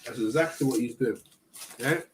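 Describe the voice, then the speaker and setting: A man's voice: medium pitch, normal speed, slight background noise. A man hosting a casual live boxing stream, chatting in slang and eating while he talks. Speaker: boxing channel host.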